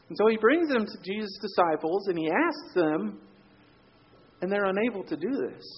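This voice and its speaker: A man preaching a sermon in a casual, story-telling way, often dropping his voice low and quiet for emphasis. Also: husky, muffled recording. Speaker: pastor.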